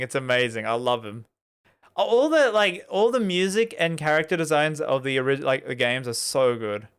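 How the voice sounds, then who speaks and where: A young man streaming a game, chatting casually and excitedly with many fillers and laughs as he reads the game text aloud. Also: fairly high pitch, smooth. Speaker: gaming streamer. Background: game music.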